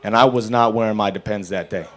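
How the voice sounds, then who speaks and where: A man's voice: fairly low pitch, fast talker. Man telling stand-up stories at an open mic. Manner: deadpan storytelling with loud acted-out quotes. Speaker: stand-up comedian. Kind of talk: stand-up comedy set. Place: small bar at a live open mic.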